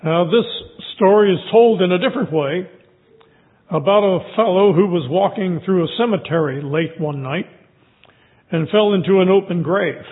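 High-pitched guy preaching, sounds like it's over a phone line. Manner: measured storytelling delivery. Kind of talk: sermon with scripture reading and storytelling.

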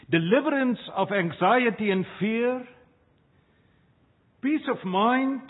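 A man preaching a sermon as pastor, slow and measured, with dramatic pauses between phrases. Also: high-pitched. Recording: tinny phone-like sound.

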